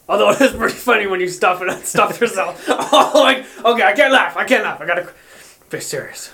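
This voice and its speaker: High bright giggly man joking around. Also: expressive, fairly quick, gravelly. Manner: giggly, playful, keeps laughing mid-sentence. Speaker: comedic podcast host. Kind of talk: improvised comedy banter.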